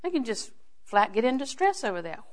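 A woman's voice: fairly high pitch, big pitch swings, fairly quick. A woman preacher giving a sermon in a chatty storytelling way, asking her listeners questions and often laughing. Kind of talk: sermon with humorous anecdotes.

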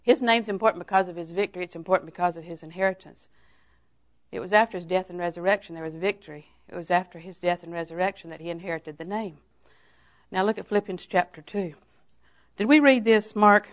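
An older woman preacher giving a sermon, telling homely stories and then rising into emphatic, drawn-out exhortations. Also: lowish voice. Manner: folksy storytelling that rises to emphatic, drawn-out exhortation.

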